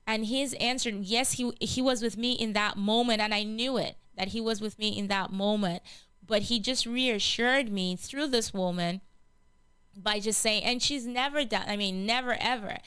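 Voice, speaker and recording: A woman's voice: mid-range voice, normal speed, fairly bright tone, smooth, dry recording. Earnest woman sharing faith testimony. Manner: earnest, heartfelt, many restarts and repetitions. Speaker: gospel radio show host. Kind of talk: personal testimony, casual spoken.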